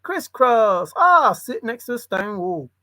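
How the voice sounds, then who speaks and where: Slow, muttering man talking to himself. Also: very high voice, sing-song, sharp tone, dry recording. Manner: muttering to himself with sudden exclamations. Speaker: channel host. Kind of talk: rambling solo monologue.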